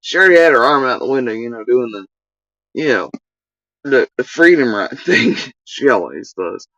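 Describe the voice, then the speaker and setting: A woman's voice: very deep voice, very animated, moderate pace, a bit bright, no room sound, highs cut off. A woman telling a casual story on a livestream, rambling, laughing and swearing freely.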